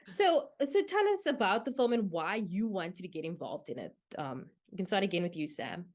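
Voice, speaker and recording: Woman podcast host; lively pitch, laughs a lot, short friendly prompts. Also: moderate pace. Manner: laughs often, brief prompts. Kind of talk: interview hosting.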